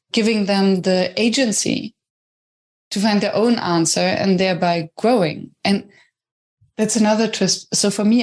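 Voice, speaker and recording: A woman hosting a podcast, laying out her thoughts step by step in a conversational way. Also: mid-range voice. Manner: thoughtful, builds ideas step by step. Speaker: podcast host. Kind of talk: conversational interview.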